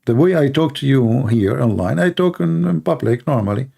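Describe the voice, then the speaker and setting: A man's voice: mid-range voice, lively intonation, moderate pace, creaky, mellow. A middle-aged man hosting a live-streamed religious debate, speaking blunt, mocking English with broken grammar and piling up rhetorical questions. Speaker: debate show host.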